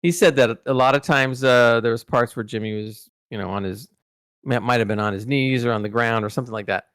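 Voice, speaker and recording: A podcast host recalls his interviews, sharing behind-the-scenes stories in a casual, rambling chat full of restarts and fillers, growing animated during the anecdotes. His mid-range voice is clear and resonant, fairly quick, with studio quality and no echo.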